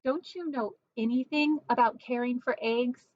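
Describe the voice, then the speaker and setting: A woman's voice: a little high, fairly even intonation, normal speed, dull audio, close to an everyday voice. A woman voicing a fussy, bossy male duck with a scolding, self-important manner, in a picture-book read-aloud.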